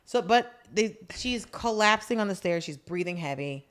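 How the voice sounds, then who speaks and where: A woman's voice: medium pitch, normal speed. A woman co-hosting a podcast, chatting casually and animatedly as she recaps a drama. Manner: animated, acts out characters' lines. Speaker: podcast co-host.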